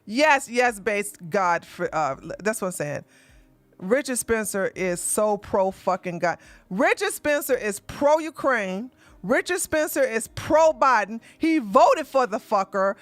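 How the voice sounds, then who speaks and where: A man's voice: high-pitched, animated, measured pace, fairly bright tone, no echo. Streamer host, male: heated profane rant, mocking repeats, dry room, light music bed. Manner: repeats lines for emphasis, laughs scornfully. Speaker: livestream host. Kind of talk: livestream commentary rant.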